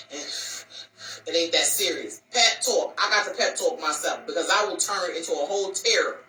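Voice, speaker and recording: A woman's voice: fairly low pitch, pushed and bright, far from the mic, a little hiss or hum. A woman hosting a casual advice talk for women, sassy and emphatic, repeating lines for punch. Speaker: host giving relationship advice to women. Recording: roomy echo, voice a bit off mic.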